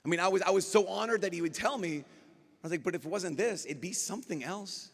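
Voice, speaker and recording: A man, a priest speaking at a youth conference, giving a lively talk and acting out dialogue as he tells stories. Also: high voice, fast talker. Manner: animated storyteller acting out dialogue. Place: large conference hall. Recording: long hall reverb.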